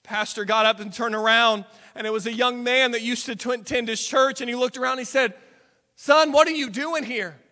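A man's voice: extremely high pitch, little pitch movement, fairly quick, few pauses, pushed and bright, in a large hall. A man preaching a sermon, telling a story dramatically. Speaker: pastor. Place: church sanctuary.

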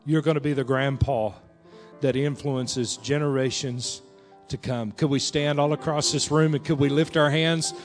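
A man's voice: medium pitch, fairly even intonation, normal speed. Man preaching in an echoing church hall. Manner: storytelling, swings between hushed and raised. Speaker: pastor. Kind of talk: sermon. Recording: reverberant church hall with music.

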